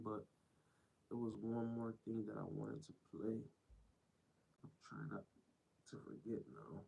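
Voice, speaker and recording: A man's voice: medium pitch, fairly even intonation, normal speed, gravelly, darkish tone, low-quality recording. Blunt rambling male streamer. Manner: blunt, rambling, repeats himself. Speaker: live streamer. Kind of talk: reacting to clips on a live stream.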